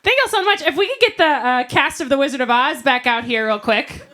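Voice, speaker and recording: A woman's voice: high voice, animated, a little fast, pushed and bright. A woman hosting a live comedy show, thanking the audience and calling the comedians back on stage. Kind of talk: closing announcements.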